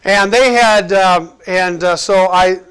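High-voiced man preaching casually. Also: slow pace, clean tone. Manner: lively, jokey, acts out quotes. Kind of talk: casual conversational sermon.

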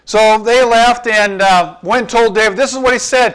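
A man's voice: sits high, moderate pace, few pauses, a bit bright, clean tone. A man giving a sermon, retelling and explaining a scripture passage in a conversational way with rhetorical questions. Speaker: pastor.

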